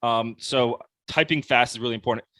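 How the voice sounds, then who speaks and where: A young man, a sales coach guest on a podcast, explaining his methods in a casual, animated way with lots of "like.". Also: mid-range voice, fairly quick, no echo. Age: young adult. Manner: casual, animated, heavy use of "like". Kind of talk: conversational podcast interview.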